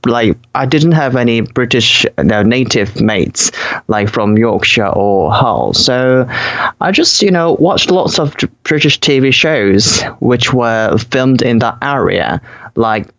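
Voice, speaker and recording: A young man from South Korea talks slowly and hesitantly, leaning on fillers and breaking into laughs. His English carries his native Korean. The recording sounds a little dull and lo-fi. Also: mid-range voice, expressive, fairly bright tone. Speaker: guest. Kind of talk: casual podcast chat.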